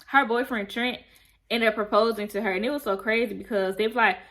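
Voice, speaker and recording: A woman's voice: on the high side, fairly quick. Chatty woman recapping a show. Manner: chatty, animated, slangy storytelling. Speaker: TV show reviewer. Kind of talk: casual episode recap.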